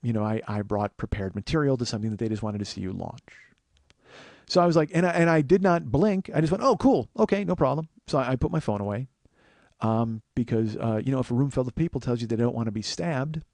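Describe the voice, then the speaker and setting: A man's voice: medium pitch, dark tone, dry recording. A man in his forties hosting a podcast, telling a long profane story in a monologue. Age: 40s. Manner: profane, fast-building storyteller. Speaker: podcast host.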